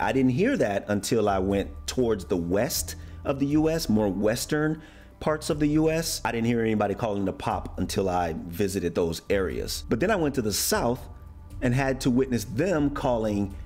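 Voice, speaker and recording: An American YouTuber, a man with a mid-range, darkish voice, explains slang in a casual, playful way. He acts out example phrases in shifting voices.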